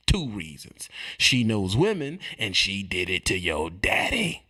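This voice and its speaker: A man delivering a streetwise comedic rant, animated and repetitive, swinging between loud and quiet. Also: on the low side, measured pace. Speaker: comedic ranting monologue.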